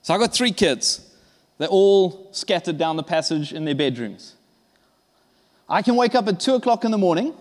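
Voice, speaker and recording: A man preaches in a high voice, pressing his points hard and sometimes acting out what people say. His delivery stays conversational. The sound carries a long reverb, as in a big hall. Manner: emphatic, conversational preaching with acted-out dialogue. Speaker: pastor. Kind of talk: sermon.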